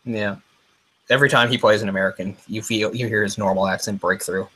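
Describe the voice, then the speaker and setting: A man's voice: on the low side, fairly even intonation, fairly quick, sharp tone, slightly rough. A man co-hosting a casual movie discussion, chatty and opinionated, dropping into mock voices when he retells stories. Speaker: podcast co-host.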